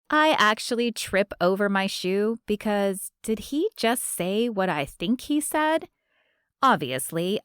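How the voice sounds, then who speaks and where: A woman narrating a first-person romance audiobook in a measured, expressive way on a close studio mic. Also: mid-range voice, clean tone, no room sound.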